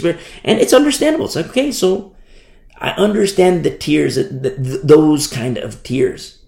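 A middle-aged man preaching a sermon as pastor, animated and repetitive, with many asides. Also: a little high, creaky, roomy sound.

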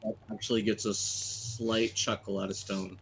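A man's voice: on the low side, little pitch movement, normal speed, gravelly, a little hiss or hum. A man playing in an online tabletop game, describing his character's actions in a matter-of-fact way. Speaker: player. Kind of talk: tabletop role-play.

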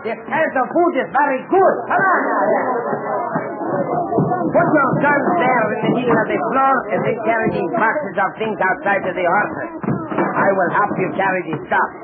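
A man's voice: very high voice, expressive, normal speed, narrow, tinny audio, loud music behind the voice, a loud crowd. An actor playing a wily foreign henchman who speaks broken English in a 1940s radio drama. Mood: coaxing. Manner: broken English, sly and coaxing. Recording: scratchy noisy 1940s radio broadcast.

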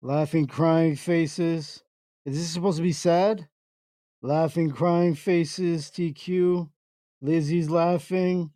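Slow, laughing male radio host. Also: fairly high pitch, steady tone, mellow, dry recording, clean studio sound. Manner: slow, halting reading, bursts of laughter. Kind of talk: casual live-stream chat, reading chat messages aloud.

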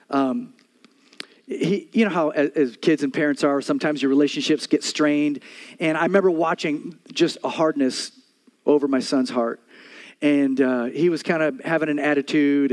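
An older man preaching a sermon as a pastor, passionate, moving between soft storytelling and loud repeated declarations. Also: on the high side.

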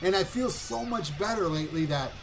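A man casually telling a long story on a talk show, animated and profane, acting out voices and shouting at the punchlines. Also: high-pitched, a little fast, creaky, over music. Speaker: podcast co-host.

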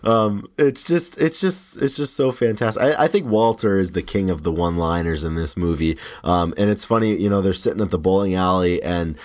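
Guy with a lowish voice on a podcast, excited, keeps quoting lines and laughing. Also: brisk, hardly any pauses. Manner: animated, quotes lines in an excited voice, laughs often. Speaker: podcast co-host. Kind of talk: casual chat about a film. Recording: studio mic.

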